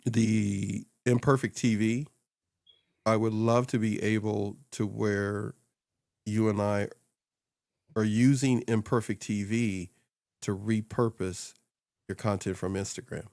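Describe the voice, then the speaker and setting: Low-voiced man in animated casual chat. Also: slow, pauses often, no echo, studio quality. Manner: rambling and animated, laughing often and acting out quoted voices. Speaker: podcast co-host and social media coach. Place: small home studio upstairs.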